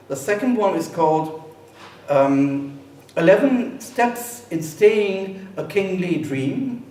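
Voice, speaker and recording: A man, a composer, explaining his pieces in a relaxed live lecture, pausing often with fillers. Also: fairly high pitch. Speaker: composer presenting his works. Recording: echoey room, voice from a distance, faint noise.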